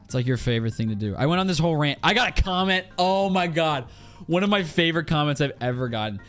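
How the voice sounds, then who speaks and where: A man's voice: fairly high pitch, lively intonation, fast talker, a bit bright, clean tone, faint music behind. A man with a strained throat, chatting casually and ranting with exasperation to his live-stream audience while he plays, swearing freely.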